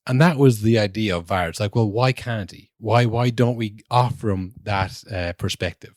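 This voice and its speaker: A man's voice: lowish voice, moderate pace, darkish tone, no room sound, studio quality. A man in his twenties or thirties, co-hosting a podcast, ranting casually about football refereeing with lots of swearing and restarts. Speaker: podcast co-host.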